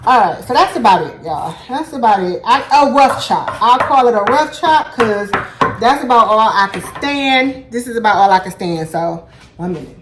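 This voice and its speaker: A chatty woman talks her viewers through a home-cooked meal, her voice a touch high. It is caught by a camera on a tripod in a kitchen that rings with echo. Pots and dishes clatter clearly behind her. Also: lively intonation, normal speed, noisy background. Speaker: vlogger cooking at home. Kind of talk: casual cooking vlog chat.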